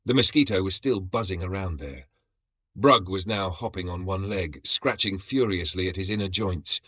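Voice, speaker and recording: Husky-voiced male story narrator. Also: low voice, normal speed, sharp tone, no echo.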